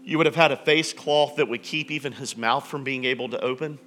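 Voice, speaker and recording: Bright-voiced man preaching casually. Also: medium pitch, a little fast. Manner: conversational storytelling with restarts and asides. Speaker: pastor. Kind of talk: sermon.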